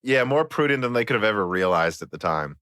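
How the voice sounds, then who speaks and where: Lively, bright-voiced podcast host. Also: male voice, lowish voice, fast, smooth, dry recording, studio quality. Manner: animated, chatty, reads listener mail. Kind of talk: casual podcast chat.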